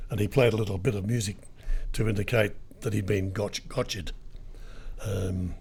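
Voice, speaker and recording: Brief: older Aussie man, husky voice, rambling storyteller in an interview. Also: fairly low pitch, a little slow, pauses often, warm tone. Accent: Australian. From Australia. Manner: rambling storyteller, lots of ums and restarts. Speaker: retired radio broadcaster, guest. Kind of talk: anecdotal interview chat.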